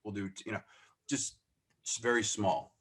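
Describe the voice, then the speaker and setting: A man with a fairly low voice chats as a podcast guest, telling stories about his own business. He is animated and self-deprecating, and he acts out the dialogue in his stories. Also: normal speed, slightly rough. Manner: self-deprecating, laughs as he talks. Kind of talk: casual storytelling interview.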